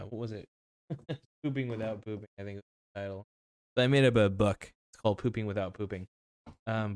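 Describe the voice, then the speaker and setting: Brief: young male vlogger, low voice, crude rambling rant, dry close sound. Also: no room sound. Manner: blunt, crude, rambling with restarts. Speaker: political vlogger. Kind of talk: ranting monologue to camera.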